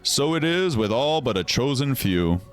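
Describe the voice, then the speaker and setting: A man voicing an ominous masked emissary in a slow, solemn, lowered voice. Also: very animated, faint music behind, close to an everyday voice. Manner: low, slow, solemn delivery, self-admittedly weak villain voice.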